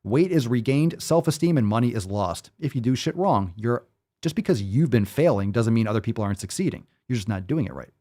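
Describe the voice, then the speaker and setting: A man's voice: medium pitch, animated, brisk, dark tone. A man hosting a podcast, giving profane, sarcastic commentary as he reads posts and articles aloud. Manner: sarcastic, mocking, emphatic. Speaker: podcast host.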